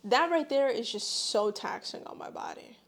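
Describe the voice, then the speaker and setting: A woman's voice: on the high side, animated, moderate pace. A pregnant young woman talking earnestly and from the heart in a personal vlog, her words full of faith. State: eight months pregnant. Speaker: vlogger.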